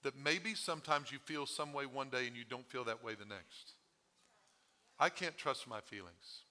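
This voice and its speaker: In a church sanctuary, a male pastor preaches a sermon, his mid-range voice strained from overuse and sounding pushed and bright at normal speed. He talks with the congregation and asks them questions.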